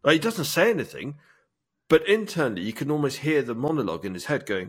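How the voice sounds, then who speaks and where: A man's voice: medium pitch, sing-song, quick pace, husky. A man chatting casually as a podcast co-host, eagerly retelling a movie scene in detail. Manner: enthusiastic storytelling, acts out film lines. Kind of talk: casual chat.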